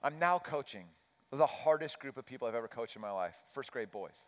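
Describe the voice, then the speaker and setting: The long reverb of a large hall surrounds this pastor's medium-pitched voice as he preaches at a fairly quick, animated pace. His sermon includes a story poking fun at himself, in which he performs his own chipper coach voice.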